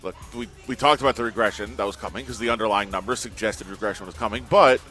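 A man co-hosting a casual sports talk show, animated and indignant as he argues his point. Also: on the low side, fast talker, faint music behind. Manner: animated, indignant, with loud mocking impressions. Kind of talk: casual sports radio chat.

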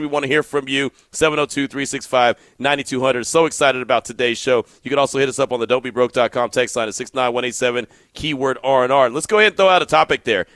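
A man hosting a sports radio show, telling stories in an animated way and acting out the quotes. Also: medium pitch, no echo. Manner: animated storyteller, acts out quotes. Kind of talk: casual sports radio talk.

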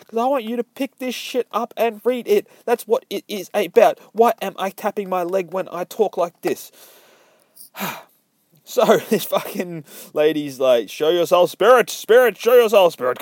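A man's voice: a little high, no echo, studio quality. A man, rambling through a casual, profane comic book review. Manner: rambling, swears a lot, laughs between thoughts.

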